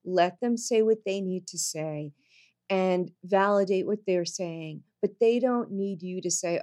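A woman guest on a podcast, talking in a reflective, unhurried way, slowing down to stress her points. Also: on the low side, mellow. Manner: reflective, slows down to stress points, many fillers. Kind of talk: casual podcast conversation.

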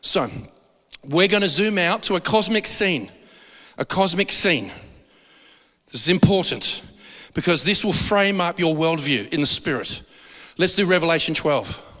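A man preaching a sermon in a church hall, animated and jokey, asking the congregation questions. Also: fairly high pitch, a little slow. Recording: long hall reverb.

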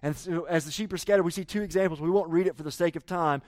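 An earnest male pastor delivers a sermon, slightly higher-pitched than most men. He reads scripture aloud and presses the listeners with searching questions, his voice recorded dry and close. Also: fast talker, darkish tone, dry recording.

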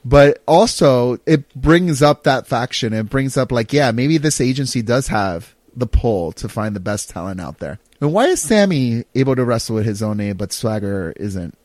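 A man co-hosting a casual wrestling chat, excitable and animated, quick to laugh. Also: medium pitch, no room sound. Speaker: podcast co-host.

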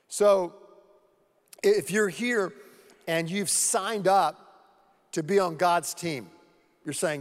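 In a church sanctuary with long hall reverb, a male pastor with a high-sitting voice preaches to his congregation at a slow pace. He earnestly repeats key words to emphasize them.

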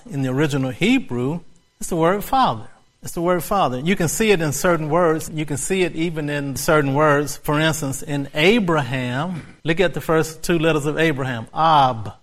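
Slow, emphatic male preacher. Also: fairly high pitch, fairly bright tone. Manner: repetitive, emphatic, bursts into laughter. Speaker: pastor. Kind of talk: sermon.

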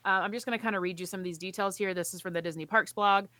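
A woman's voice: medium pitch, fairly even intonation, rapid-fire, bright, forceful tone, no echo. A woman co-hosting a casual podcast, reading park news aloud with playful asides. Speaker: podcast co-host.

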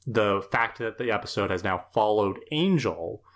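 A podcast co-host talking in a relaxed, thoughtful way, weighing ideas out loud with the odd filler. The pitch sits in the middle range. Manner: thoughtful, measured, uses fillers. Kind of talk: casual analytic chat.

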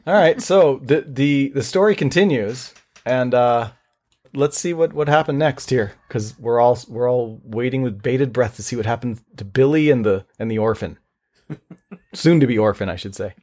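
A man co-hosting a casual podcast, his voice sitting in a middle pitch. He steers the chat along, talkative and often chuckling. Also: moderate pace, darkish tone. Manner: chuckling, talkative, keeps the segment moving. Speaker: podcast co-host leading the song review.

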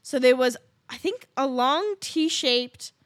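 A woman in her thirties co-hosts a casual podcast and tells a story full of rambling asides and laughter. Her voice sits high, and the recording is dry and close to the mic. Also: expressive, slow pace, no room sound. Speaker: podcast co-host.

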